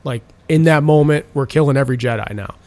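A man's voice: mid-range voice, quick pace, darkish tone. A man in casual chat, animatedly retelling film scenes with lots of swearing and filler. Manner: profane, rambling storytelling.

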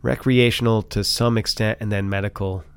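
A man chatting casually with friends, halting a little and chiming in with short agreements. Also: fairly low pitch, fairly even intonation, smooth, no room sound. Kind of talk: casual chat.

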